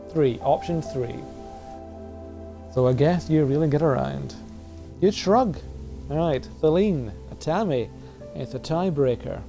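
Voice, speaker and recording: A man's voice: on the high side, animated, measured pace, mellow, faint music behind. A man casually commenting on a game he plays, joking and chatting with his viewers. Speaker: gaming streamer. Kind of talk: casual let's play commentary.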